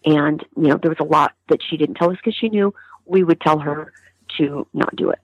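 Grieving mom being interviewed, stops and restarts a lot, kinda muffled lo-fi audio. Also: female voice, low-pitched, slightly rough, no room sound. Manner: halting, many restarts and pauses. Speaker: mother of a murder victim, interview guest. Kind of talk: emotional interview testimony.

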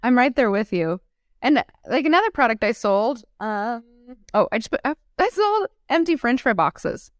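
Speaking at a moderate pace with a fairly high pitch, this guest entrepreneur tells animated stories in a casual interview, performing the quoted lines and laughing frequently. The sound is dry and of studio quality.

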